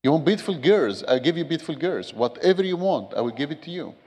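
A man's voice: a little high, lively intonation, fast talker, a little mellow, voice pushed up, natural voice. A man voicing a big, angry prison interrogator who bargains and offers bribes, in a church hall with long reverb. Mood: bargaining.

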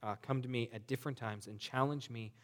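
A man's voice: medium pitch, steady tone, fast talker. Man preaching in a reverberant hall. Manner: conversational teaching with slides, shifting from quiet to emphatic. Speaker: pastor. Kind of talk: sermon.

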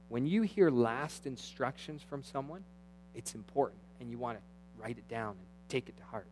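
A man preaching a sermon, animated, swinging between loud exclamations and quiet, low asides as he acts out quoted dialogue. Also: normal speed, slight background noise, rough recording. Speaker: pastor.

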